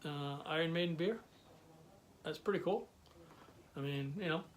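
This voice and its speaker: A man's voice: on the high side, normal speed, a little hiss or hum. A man, chatty and enthusiastic, showing his collection with many fillers in a casual vlog. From New York, USA. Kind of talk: casual show-and-tell vlog.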